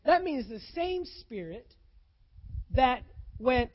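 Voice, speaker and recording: A pastor preaching a sermon in a casual, folksy way, swinging from loud emphasis to hushed lines and firing off rhetorical questions. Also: medium pitch, lively intonation, measured pace, muffled recording.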